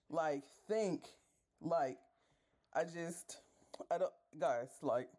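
A woman's voice: sits low, takes it slowly, pauses often, a little mellow. A woman podcast host telling a story in a casual rant, exasperated, swearing freely and talking straight to her listeners.

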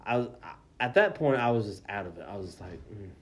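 A man's voice: lowish voice, very animated, quick pace. A young man co-hosting a casual podcast, telling a story with lots of swearing and acted-out quotes. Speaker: podcast co-host.

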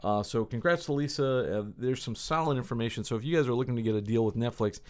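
Hosting a podcast from a recording studio, a man with a mid-range, somewhat dark voice reads news items quickly in a casual, upbeat, joking style.

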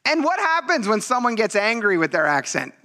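Man, pastor, sermon, animated storyteller, high voice, bright tone. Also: fairly quick. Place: church.

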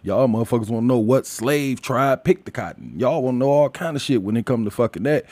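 A man's voice: medium pitch, expressive, a little fast, no echo. Man, crude and laughing, ranting casually, dry close mic. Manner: crude, loud, laughs often. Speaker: commentator. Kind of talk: casual profane rant.

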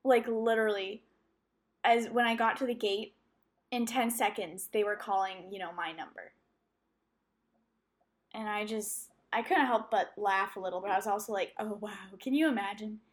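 A woman's voice: mid-range voice, moderate pace, long pauses. A young adult woman hosting a solo podcast, rambling through a personal story with lots of fillers and self-corrections. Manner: animated, acting out her own reactions. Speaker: podcast host.

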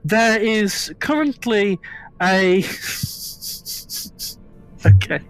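A man runs a tabletop game, talking loosely and laughing as he narrates. His voice sits fairly high, and faint music plays underneath. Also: very animated, very slow, clean tone. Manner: chatty, laughs often, repeats words. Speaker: game master.

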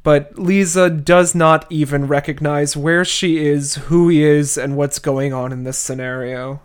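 A man's voice: on the high side, fairly even intonation, unhurried, smooth. A man hosting a podcast, casually retelling a classic novel with wry, chatty asides. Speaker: podcast host. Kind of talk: casual book recap.

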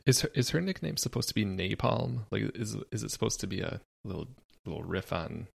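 A man's voice: lowish voice, lively intonation, a little fast, creaky, husky. A man co-hosting a casual music podcast, telling stories with dry sarcasm. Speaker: podcast co-host. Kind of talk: casual chat.

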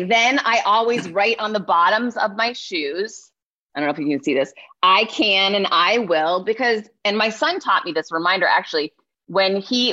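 A woman in her forties giving an energetic motivational keynote, often checking in with her listeners. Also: medium pitch. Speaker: keynote speaker. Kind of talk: motivational speech. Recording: slightly muffled lo-fi sound.

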